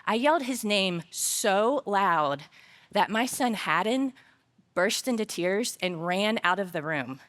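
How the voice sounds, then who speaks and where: A woman's voice: mid-range voice, slow. A woman speaking at a conference, giving a faith-based talk on work, telling personal stories with humor before turning earnest and reflective. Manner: storytelling, lively personal anecdotes told with humor; earnest and reflective when drawing the lesson. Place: conference stage.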